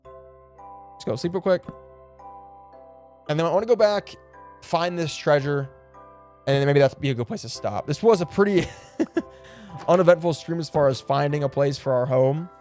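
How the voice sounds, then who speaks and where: Excitable, chatty male game streamer. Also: fairly high pitch, normal speed, long pauses, faint music behind. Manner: chatty, excitable, swears and laughs often; coos affectionately at in-game animals. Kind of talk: casual live gameplay commentary.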